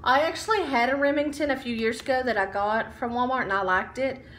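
A woman shows off her shopping in a relaxed, chatty vlog, full of ums and likes. Her voice sits a little high, and it echoes off the walls of a room at home with a faint hum behind it. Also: fairly quick. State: out of breath while standing. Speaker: vlogger. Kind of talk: casual haul chat.

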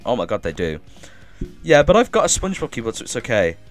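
A man streaming a game live, reading chat aloud and thanking viewers with excitable energy, coughing now and then as if ill. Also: medium pitch, fast talker, music in the background.

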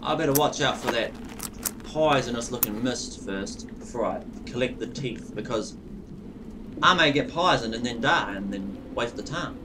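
A man hosting a let's play, cursing and reacting excitably as he plays. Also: mid-range voice, normal speed, noisy background. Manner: profane, excitable running reactions. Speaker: gaming channel host. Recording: distant mic with loud game music. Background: game music.

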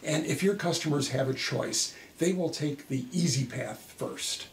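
Man, business talk, anecdotal, slightly high, faint ambience behind. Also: measured pace, echoey room, slight background noise. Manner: conversational with frequent "uh" fillers; anecdotal, wry storytelling. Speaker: business speaker and author. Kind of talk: explainer talk to camera.

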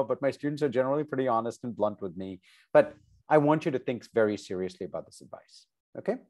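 A man, a professor, giving informal advice about graduate school over a video call, chatty and conversational, often checking in with "right?" and "okay?". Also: on the high side. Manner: animated, conversational, many asides like "right?" and "okay?".

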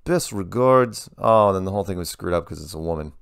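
A man with a very low, gravelly voice answers viewer emails in a loose, rambling way, often restarting his sentences. The sound is close and dry, with no room echo. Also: racing. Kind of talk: casual monologue.

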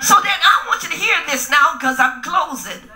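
A middle-aged woman pastor preaching in a call-and-response style, often shouting to the congregation. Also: extremely high pitch, expressive, moderate pace, very noisy. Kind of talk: sermon. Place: church hall. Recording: echoey room with music.

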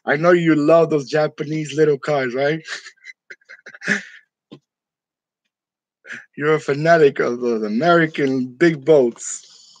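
A man's voice: fairly high pitch, takes it slowly, pauses often, no echo, highs cut off. A man from New York chatting casually with his viewers, joking and laughing often in a room decorated for Halloween. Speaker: channel host. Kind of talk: casual live chat with viewers.

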